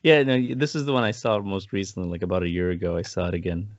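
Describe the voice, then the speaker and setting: A man with a fairly low voice co-hosting a podcast, rambling through anecdotes and laughing along. His voice is dry and close, with a dull, lo-fi tone. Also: steady tone, quick pace, no room sound. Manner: rambling storyteller, laughs often, acts out quotes. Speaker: podcast co-host. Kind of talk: casual film review chat.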